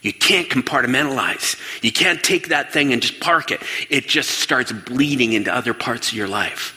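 In a lively stage talk, a man addresses an audience energetically, firing questions at the room and slipping into quoted voices to act them out. His bright, forceful voice is medium in pitch and moderately paced, ringing with the long reverb of a large hall.

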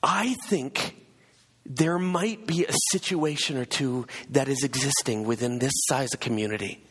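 A man's voice: mid-range voice, unhurried, fairly bright tone, husky. A man preaching a sermon, telling a personal story and acting out the voices of the people in it. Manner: storytelling, acts out quoted voices. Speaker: pastor. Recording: long hall reverb.

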